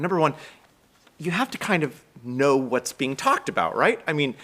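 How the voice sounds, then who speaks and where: A man with an American accent delivering a chatty, self-deprecating sermon at a synagogue service, talking quickly. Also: on the high side, bright, forceful tone. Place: synagogue sanctuary, live stream.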